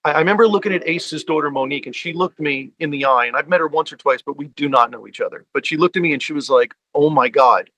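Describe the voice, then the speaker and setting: A man's voice: on the high side, quick pace, few pauses, fairly bright tone, rough recording. A man from the US tri-state area telling stories in a casual sit-down conversation, with many fillers. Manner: chatty storyteller, many fillers. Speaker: guest, fan and collector.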